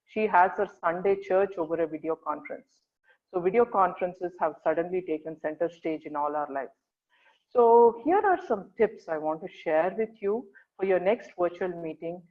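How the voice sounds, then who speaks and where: Earnest webinar presenter over tinny call audio. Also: mid-range voice. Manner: earnest, coaxing, often checks in with "right?". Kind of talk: online career workshop talk. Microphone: video call.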